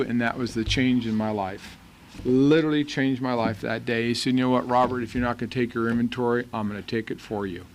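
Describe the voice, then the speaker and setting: A man's voice: medium pitch, a bit bright, slight background noise. American man telling his recovery story. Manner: earnest storytelling, quoting dialogue. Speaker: recovery meeting speaker. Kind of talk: personal testimony talk. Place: meeting hall.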